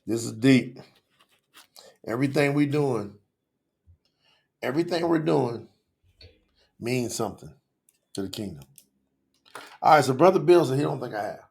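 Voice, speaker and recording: A man's voice: medium pitch, animated, unhurried, vocal fry, pauses often. A man hosting a live online telethon, talking passionately and casually straight to his viewers. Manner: passionate, addresses viewers directly in casual slang. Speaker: livestream host. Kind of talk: casual livestream talk.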